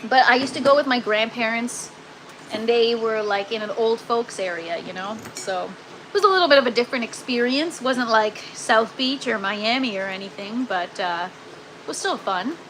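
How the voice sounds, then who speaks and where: A woman's voice: a little high, expressive, moderate pace, a bit bright, slight background noise, low-quality recording. A woman hosting a casual gardening live stream from an indoor grow tent, chatting with viewers and using lots of ums and "you guys.".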